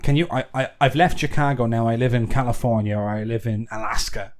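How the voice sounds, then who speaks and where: A man who talks quickly and keeps the banter moving, teasing his co-host. His voice sits at a middle pitch in a relaxed, casual podcast chat. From Ireland.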